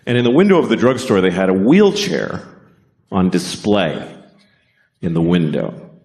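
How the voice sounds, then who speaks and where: A man working a comedy club stage, swearing casually through his set. His delivery goes from flat, deadpan asides to sudden high, shouted bursts, so his pitch is always moving. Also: a little slow. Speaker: stand-up comedian.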